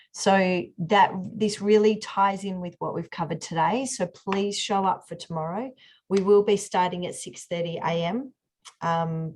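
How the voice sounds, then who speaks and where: A woman leads an online workshop over a video call. She talks in a loose, chatty way, full of fillers and restarts, at a middling pitch. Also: gravelly, darkish tone. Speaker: workshop host.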